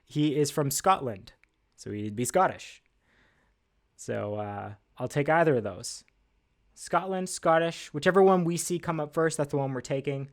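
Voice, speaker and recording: This livestream host speaks in a higher voice without rushing, running trivia from a desk indoors. Upbeat and talkative, he leans on fillers and makes frequent jokes at his own expense.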